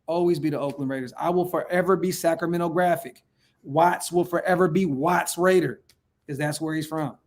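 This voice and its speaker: A man's voice: a little high, fairly even intonation, fairly quick. A man from Northern California hosting a casual fan livestream, reading viewer comments aloud in a hyped, slangy way and repeating his phrases. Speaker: fan channel livestream host.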